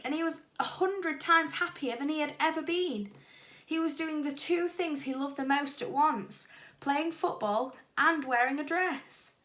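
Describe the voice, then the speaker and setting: A woman teacher reading a children's storybook aloud, lively and expressive. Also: sits high. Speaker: primary school teacher.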